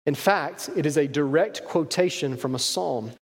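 A man's voice: fairly high pitch, normal speed. Conversational male pastor in a reverberant hall. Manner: conversational, acts out quoted voices. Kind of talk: sermon.

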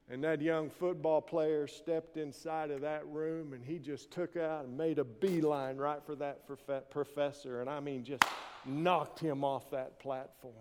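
A man preaching a sermon, reading scripture and telling stories with shouted quoted lines. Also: fairly high pitch, a little slow. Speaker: pastor. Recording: long reverb of a large hall.

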